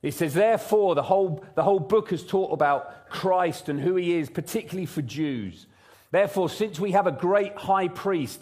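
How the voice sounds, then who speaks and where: A man preaching a sermon in a church service, praying and then talking in a lively, conversational way full of rhetorical questions. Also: on the high side. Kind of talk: sermon with prayer. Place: church service, also streamed online.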